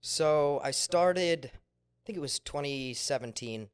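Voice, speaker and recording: Smooth-voiced man rambling through stories. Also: a little high, slow pace. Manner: rambling storyteller, lots of fillers. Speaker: podcast guest, gaming video creator. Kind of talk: casual podcast chat. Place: living room couch in a rented home.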